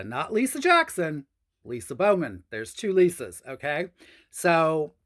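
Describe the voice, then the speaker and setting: A woman hosting her own show, telling a personal story in a chatty, frank and profane way and talking straight to her viewers. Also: low voice. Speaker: storytelling host. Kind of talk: casual storytelling monologue.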